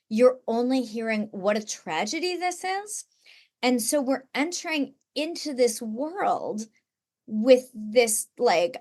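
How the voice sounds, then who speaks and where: Earnest higher-voiced woman guest. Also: darkish tone. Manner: earnest, tearful at times. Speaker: guest author. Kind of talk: emotional podcast conversation.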